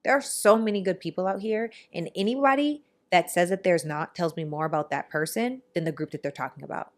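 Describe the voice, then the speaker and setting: A woman hosting a podcast in casual chat, telling stories in an animated, rambling way with quick asides. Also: on the low side. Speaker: podcast host.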